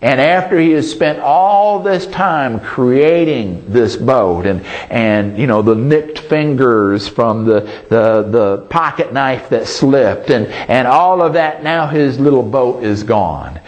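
A man preaching a sermon at a slow, unhurried pace, in a voice of average pitch. He tells a homespun story, often restarting his phrases, and turns to his listeners with "Amen?". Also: lively intonation. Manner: folksy storytelling with frequent restarts and asking "Amen?".

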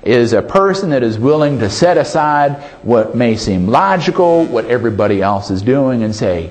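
Animated male pastor preaching. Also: medium pitch, moderate pace, few pauses. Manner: emphatic, calls for amens, animated delivery. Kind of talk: sermon.

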